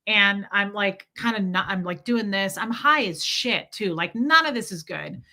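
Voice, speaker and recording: A woman's voice: medium pitch, expressive, moderate pace, sharp tone. A woman from Kansas City, podcast host, telling a personal story candidly and emotionally with lots of "like" fillers. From Kansas City, USA.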